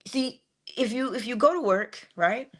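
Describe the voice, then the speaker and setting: Woman giving a playful spiritual talk. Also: a little high. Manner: conversational, playful asides, slow drawn-out emphasis. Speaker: inspirational speaker.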